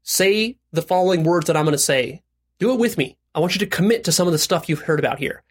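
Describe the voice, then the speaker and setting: A man's voice: a little high, lively intonation, quick pace. A man hosting a self-help video, talking bluntly to the viewer and leading repeat-after-me affirmations. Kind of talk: direct-to-camera self-help talk.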